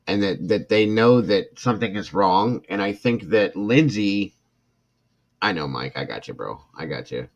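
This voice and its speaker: A middle-aged true crime livestream host with a low, slightly bright voice reads a report aloud at a measured pace, sounding expressive over lo-fi audio. He reacts emotionally and irritably, talking to his chat viewers by name.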